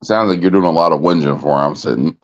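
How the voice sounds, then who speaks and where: A man's voice: a bass voice, quick pace. A man co-hosting a casual podcast, teasing and needling his partner with dry put-downs. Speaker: podcast co-host. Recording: dull lo-fi sound.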